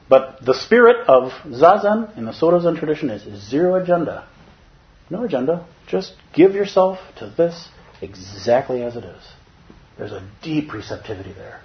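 A man giving a Zen dharma talk in an animated, playful way, at times putting on other voices. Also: a little high, highs cut off. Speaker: Zen teacher.

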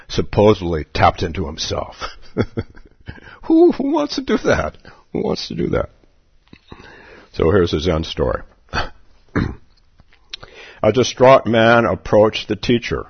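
Man, Zen teacher giving a dharma talk, playful, repeats questions, very low husky voice, slow, dull lo-fi recording. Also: no room sound. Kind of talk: dharma talk at a meditation retreat.

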